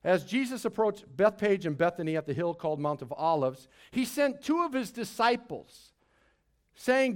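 High-voiced man preaching with dramatic swings. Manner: expressive preaching, big swings in loudness and pitch, drawn-out dramatic phrases; playful asides to the congregation. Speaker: pastor. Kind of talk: sermon. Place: church service before a congregation.

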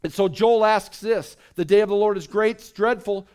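A man with a high, bright voice preaches to his church in a lively, animated way. He swings between loud, upbeat calls and quieter, slower passages, and he invites the congregation to answer him back. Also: smooth. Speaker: pastor. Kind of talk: sermon. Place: church sanctuary.

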